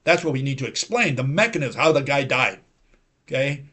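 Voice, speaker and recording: A man's voice: mid-range voice, animated, brisk, sharp tone. A man hosting a livestream, lecturing in a rambling, argumentative way, full of "you know" and "uh," and mocking his opponents by quoting them. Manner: argumentative, repetitive, with frequent "you know" and "uh" fillers; mocking, mimics opponents in quoted voices. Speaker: host of a science-skeptic livestream.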